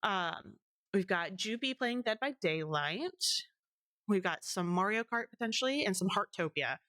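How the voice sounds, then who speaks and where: A woman's voice: mid-range voice, expressive, a little slow, pushed and bright, no echo. A woman streaming games, chatting casually and rambling with lots of ums and small laughs. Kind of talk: casual stream wrap-up chat.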